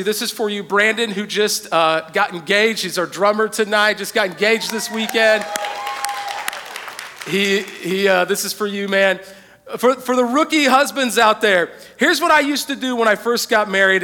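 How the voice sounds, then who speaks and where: A young male pastor delivers a lively sermon, joking through his stories and quizzing the congregation. His voice sits high and bright. It rings around a church sanctuary with a long reverb. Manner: animated, joking storyteller who questions the congregation.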